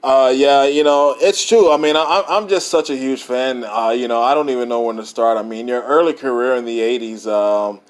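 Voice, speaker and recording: A man voicing an eager male superfan who gushes loudly and stumbles over his words. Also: medium pitch, steady tone, normal speed, few pauses, natural voice. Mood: gushing.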